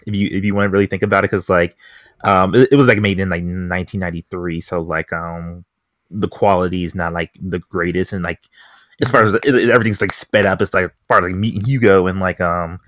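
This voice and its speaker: A man co-hosting a podcast, rambling excitedly about a movie and saying "like" constantly. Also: sits low, quick pace, dry recording. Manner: rambling, heavy use of "like", excited. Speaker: podcast co-host. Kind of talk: casual chat.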